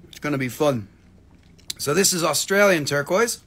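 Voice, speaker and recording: A man's voice: a little high, animated, normal speed, fairly bright tone, slightly rough. A man hosting a live rock-selling stream, rambling casually, swearing freely and calling out prices to viewers.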